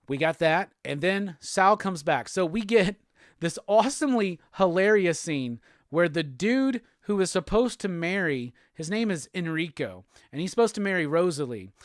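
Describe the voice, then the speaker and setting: A male podcast host recapping a comic book in a casual, excitable way, swearing freely. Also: a little high, a little slow, no room sound, studio quality. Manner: profane, excitable storytelling.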